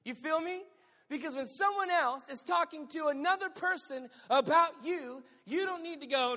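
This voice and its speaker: A woman's voice: high voice, moderate pace, sharp tone, big-room sound. A woman pastor preaching a sermon, emphatic and conversational with playful asides to the congregation.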